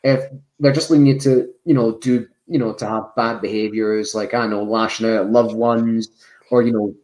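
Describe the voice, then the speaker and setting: Male guest, measured and reflective, dry humour. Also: fairly low pitch, fairly even intonation, darkish tone. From Scotland. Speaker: podcast guest, jiu-jitsu black belt. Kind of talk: reflective casual chat.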